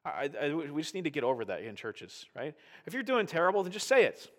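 A middle-aged male pastor giving a conversational sermon, animated and often checking in with "right?". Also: on the high side, a little fast.

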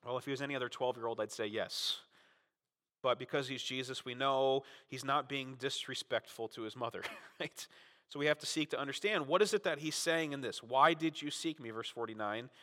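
A man preaching a sermon as pastor, talking conversationally, often adding "right?", and dramatizing quotes with sudden swings in loudness. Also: medium pitch, brisk. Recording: long reverb of a large hall.

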